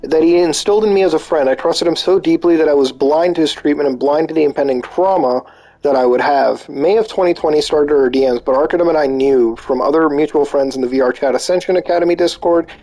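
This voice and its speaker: A man's voice: on the high side, fast talker. A man streaming live, reading posts aloud and reacting with disbelief and swearing. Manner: incredulous, swearing, reacting out loud.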